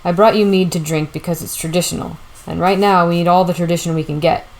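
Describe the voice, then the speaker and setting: Woman reading a slick old hustler guy, low voice, talks you into stuff. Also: fairly even intonation, fast talker, natural voice, low-quality recording. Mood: sly. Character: sly, smooth-talking old male con man.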